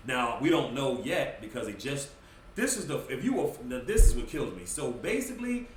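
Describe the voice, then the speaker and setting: A man's voice: medium pitch, moderate pace, a little hiss or hum. A man on a podcast telling a story in casual talk, acting out what people said and laughing as he goes. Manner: animated storyteller, acts out quotes, laughs as he talks. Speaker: podcast guest. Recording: roomy, slightly distant mic, faint ambience.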